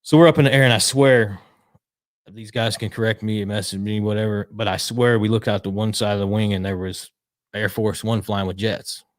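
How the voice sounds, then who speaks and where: A man tells a story in a fairly low voice, animated and slangy. He acts out what others said and curses freely. The sound is close and dry. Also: moderate pace, no echo. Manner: animated, acts out quotes, swears casually. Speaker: retired pit crew member, guest. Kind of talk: casual storytelling.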